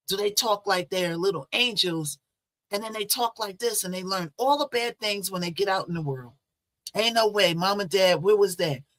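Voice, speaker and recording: Woman host, bright voice, casual and talky, tosses in rhetorical questions. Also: mid-range voice. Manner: chatty, conversational, rhetorical asides. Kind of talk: casual commentary on a news case.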